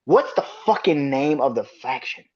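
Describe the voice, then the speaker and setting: A man's voice: mid-range voice, lively intonation, normal speed, a little mellow. A man hosting a podcast, ranting about wrestling in a profane, exasperated way and laughing in disbelief. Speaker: podcast host. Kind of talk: heated rant about wrestling. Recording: dull lo-fi recording.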